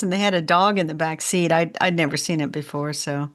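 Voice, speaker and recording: A woman from Indiana co-hosting a casual gardening podcast, telling stories in a chatty, animated way. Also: sits low, fairly quick. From Indiana, USA. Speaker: podcast co-host.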